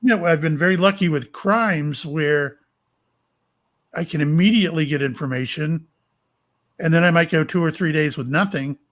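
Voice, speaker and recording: Older man from Florida, somewhat higher voice, talks in starts and stops; guest telling personal stories. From Florida, USA. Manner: rambling, halting, with many fillers and restarts. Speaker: psychic medium and retired police officer. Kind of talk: casual storytelling interview.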